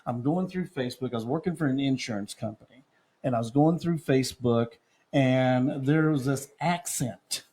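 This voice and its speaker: A man hosting a morning Christian talk show, joking and telling stories in a lively, playful way. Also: fairly high pitch. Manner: playful, joking, animated storyteller. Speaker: host. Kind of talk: morning radio show chat.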